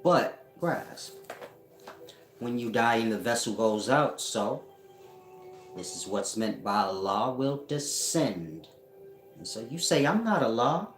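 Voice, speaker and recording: A man giving a casual spiritual teaching at home, talking slowly and often checking that listeners follow him. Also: lowish voice. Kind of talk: casual esoteric teaching monologue. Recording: echoey room.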